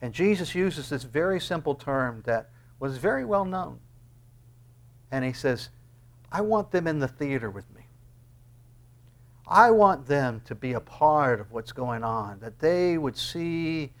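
An older man preaches a sermon in a slightly raised voice. He drops to near-whispers and then climbs to loud, impassioned peaks, acting out the voices he quotes along the way. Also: fairly high pitch, expressive, takes it slowly. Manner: dramatic swings from quiet to loud, acting out quotes.

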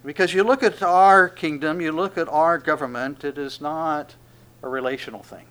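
Man, preacher, sermon, fairly high voice, booming then hushed, acts out quotes. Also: normal speed, clean tone. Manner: dramatic swings between loud proclamation and hushed asides.

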